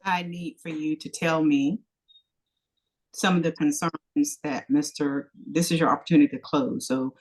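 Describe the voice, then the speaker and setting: Low-voiced woman judge guiding a hearing. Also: fairly even intonation, a little slow, darkish tone, poor audio. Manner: patient, directive. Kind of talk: court hearing.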